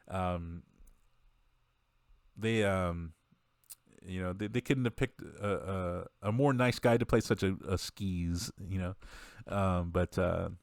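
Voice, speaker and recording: A man on a podcast gives a rambling, casual recap of a movie. He laughs often and acts out the quotes. His voice is very deep, and the close mic sounds dry. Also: no room sound. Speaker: podcast co-host.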